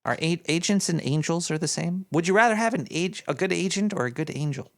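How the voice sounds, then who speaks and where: A man's voice: fairly high pitch, a little fast, lightly acted. A man voicing a paranoid male cartoon rat who hosts a radio show, rambling in a scatterbrained way with jokey asides as he reads out donations. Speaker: host reading donations. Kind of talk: rambling live-stream chat.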